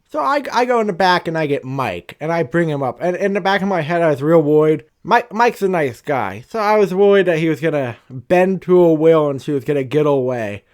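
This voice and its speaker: A young man telling a profane, animated, rambling storytime rant about retail customers as a vlogger. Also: fairly high pitch, a little fast, few pauses.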